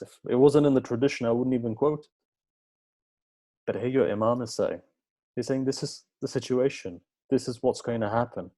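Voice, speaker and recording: A man with a warm, medium-pitched voice preaches a storytelling sermon at a religious gathering. He acts out the dialogue he quotes and drives home his points with earnest repetition.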